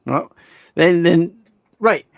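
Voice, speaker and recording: Higher-voiced man, casual wrestling chat. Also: drawn-out words, creaky, no echo. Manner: conversational, agreeable, with short back-channel replies. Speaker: co-host.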